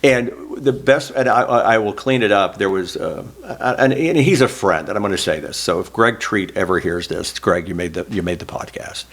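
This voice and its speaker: A man's voice: low voice, fairly bright tone. A middle-aged man from Oklahoma, a former state senator, telling earnest, self-deprecating stories in an oral history interview. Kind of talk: reflective oral history storytelling.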